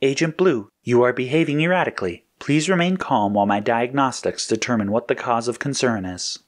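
A man voicing a calm male ship computer that speaks matter-of-factly and slowly. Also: medium pitch, close to an everyday voice. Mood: cold, calm. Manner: calm, matter-of-fact, slow.

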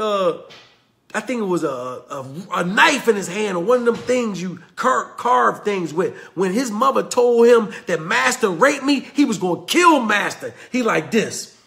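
A motivational speaker with a Southern US accent gives a passionate talk, retelling a story in a preachy style that swings between loud and hushed. His voice is high, with vocal fry.

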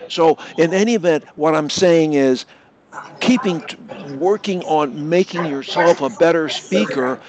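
A man, a speech coach, hosting an interview and talking about voice techniques, moving between his loud voice, soft voice and whisper. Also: fairly high pitch, measured pace. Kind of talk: coaching interview over video call.

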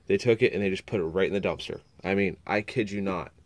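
A small engine repair vlogger with a lowish voice, slightly stuffy and nasal from a cold, chats through a chainsaw repair in casual workshop narration. He talks fast, rambles, and mutters to himself mid-task as if friends were watching over his shoulder at the bench. There is a little hiss or hum in the audio.

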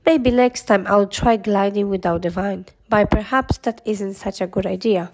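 A woman's voice: mid-range voice, steady tone, normal speed, lightly acted. A woman reading an eager jungle boy. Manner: eager, calling out. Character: eager, adventurous young boy. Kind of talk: storybook read-aloud.

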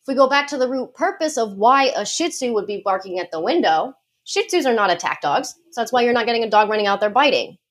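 A woman's voice: a little high, lively intonation. Confident woman explaining dog behavior. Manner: confident, explanatory, quick asides with light laughs. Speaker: dog behavior consultant guest. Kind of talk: podcast interview, explaining.

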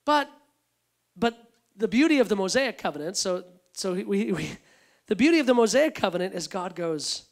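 A man giving a sermon as a guest preacher, in a conversational, repetitive style that drops soft for emphasis. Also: high-pitched, very animated, normal speed, gravelly.

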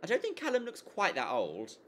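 A woman on a casual live stream, playing a game and chatting with her chat in an animated, giggly way. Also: on the low side, fairly quick, slight background noise.

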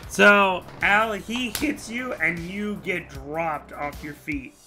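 A man's voice: high-pitched, takes it slowly, pushed and bright, soft background music. A man narrating a tabletop game as game master, casual and full of fillers.

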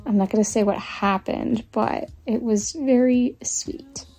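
Woman book vlogger, candid and chatty, laughs a lot, mellow tone, faint music underneath. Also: on the high side, measured pace. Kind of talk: casual chat to camera.

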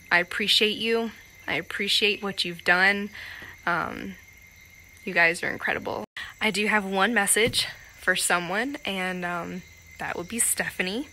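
A woman from Connecticut speaks in a bright voice, earnest and a little emotional, sometimes dropping soft. She records a thank-you message inside a yoga studio. Faint crickets sit in the background. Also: on the low side, a little hiss or hum, low-quality recording. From Connecticut, USA. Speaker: retreat guest. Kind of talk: heartfelt video message.

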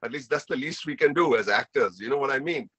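A man's voice: mid-range voice, fast, a bit bright, breathy edge, no room sound. A man with an Indian English accent telling a personal story as a guest speaker, earnest and emotional, often repeating himself.

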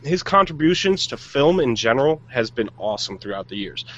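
A man's voice: mid-range voice, sing-song, a little fast, a bit bright, muffled recording, a little hiss or hum. A man co-hosting a podcast, chatting casually and giving blunt, jokey opinions on movies. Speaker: podcast co-host. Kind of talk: casual chat.

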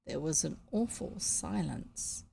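A woman's voice: deep voice, expressive, slow, vocal fry, dark tone, husky. A woman reading a children's novel aloud, chatting in easygoing asides between passages.

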